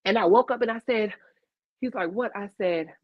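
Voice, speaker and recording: Over dull, lo-fi video call audio with no echo, an interview guest with a Louisiana accent shares a casual story. Her mid-range voice moves at normal speed, and she animatedly performs the dialogue she quotes.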